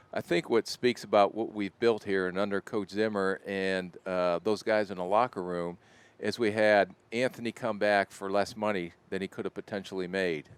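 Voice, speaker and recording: A middle-aged man with an Ohio accent, a football executive speaking as a guest in a radio interview, relaxed and self-deprecating. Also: lowish voice, clear, resonant tone. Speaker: NFL general manager guest.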